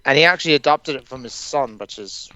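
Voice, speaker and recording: A man co-hosting a podcast in casual wrestling chat, excitable and sweary, swinging from low mutters to shouts. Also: fast talker, no echo. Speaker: podcast co-host. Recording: dull lo-fi sound.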